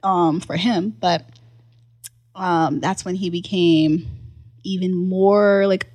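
A young woman chatting on a podcast, recounting a personal story with lively, animated delivery. She leans on "like" as a filler and breaks into laughter often, sliding between her own words and her retellings. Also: lowish voice, slow pace. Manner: animated storyteller, acts out quoted voices, frequent laughs and "like" fillers. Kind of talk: casual chat.

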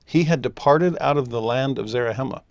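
A man of middle pitch telling a scripture lesson as a lively story. He slips into short voices for the people he quotes. The sound is dry and close, with no room around him. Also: a little fast, no echo, muffled recording. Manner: animated storytelling, briefly voicing quoted characters. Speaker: scripture teacher.

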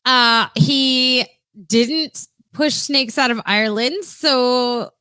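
Higher-pitched lady, bright voice, giggly casual podcast chat, dry sound. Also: very slow, clear, resonant tone, no echo. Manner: playful, giggly, teasing. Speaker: podcast co-host.

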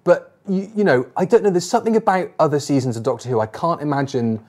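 A man's voice: on the high side, fast, darkish tone. A man co-hosting a casual podcast chat, reading out poll results and talking with stumbles and restarts. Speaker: podcast co-host.

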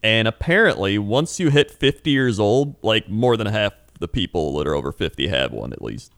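A man's voice: on the low side, expressive, normal speed, fairly bright tone, no echo, clean studio sound. A young man in casual podcast chat, telling rambling stories and laughing often. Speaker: podcast co-host.

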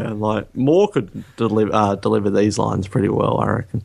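A man's voice: on the low side, fairly even intonation, moderate pace, creaky, hardly any pauses, a little mellow, breathy edge, no room sound. A man co-hosting a film podcast, teasing the others playfully in casual chat. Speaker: podcast co-host.

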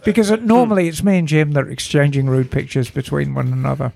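A woman's voice: deep voice, steady tone, fast, gravelly, dark tone. A woman co-hosting a casual motorcycle podcast, reading a listener's email aloud with dry asides. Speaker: podcast co-host. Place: garage studio.

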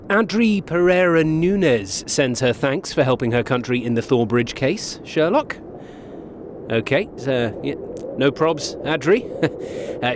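A man's voice: a little high, noisy background. An actor playing a cheery, chatty male sidekick who rambles and jokes.

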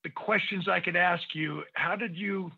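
A man's voice: sits high, fairly even intonation, normal speed, creaky, breathy edge. A male podcast host interviewing a guest, enthusiastic and asking long winding questions. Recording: tinny phone-like line.

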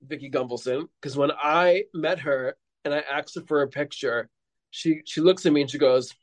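A man's voice: fairly high pitch, moderate pace, no room sound. A man, a podcast guest, telling rambling stories in casual chat with lots of fillers. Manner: rambling storyteller, heavy with fillers.

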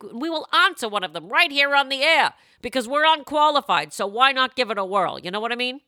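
A woman hosts a comedy podcast with a bright, lively voice that swings up and down as she jokes. She laughs easily and keeps the banter playful. The sound is dry and close. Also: mid-range voice, dry recording. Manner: playful, laughs often, slips into silly voices. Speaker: podcast host.

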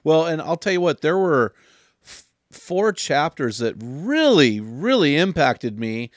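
A man's voice: a little high, sing-song, unhurried, dry recording, clean studio sound. Eager man hosting an interview. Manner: enthusiastic, stumbles over words. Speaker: interview host. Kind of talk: interview questions.

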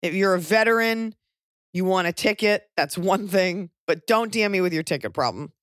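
A pregnant woman hosting a podcast, talking in casual chat with wry, deadpan jokey rants. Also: mid-range voice, normal speed, no echo, studio quality. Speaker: podcast host and touring comedian.

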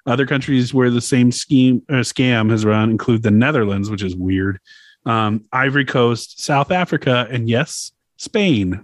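Here a man hosting a podcast talks a little slowly in a mid-range voice, with no room sound. It's casual chat: he breaks down a topic in a chatty, loose way full of laughs and swearing.

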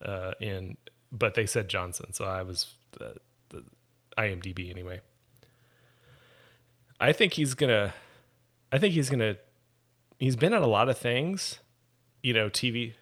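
A man's voice: on the low side, lively intonation, unhurried, pauses often, fairly bright tone. A man co-hosting a podcast, chatting casually and thoughtfully, often correcting himself. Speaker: podcast co-host. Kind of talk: casual chat.

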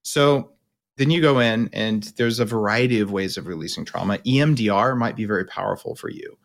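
Middle-aged guy hosting a podcast, lowish voice, blunt casual coaching, talks a lot. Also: fairly quick, vocal fry. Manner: explains at length, blunt and casual, says "crap". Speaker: podcast host. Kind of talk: coaching conversation.

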